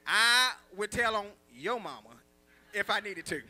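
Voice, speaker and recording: A man's voice: high voice, expressive, a little slow, pushed and bright. A man doing a joking, self-mocking stand-up bit on a comedy club stage, speaking into a handheld mic. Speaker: stand-up comic.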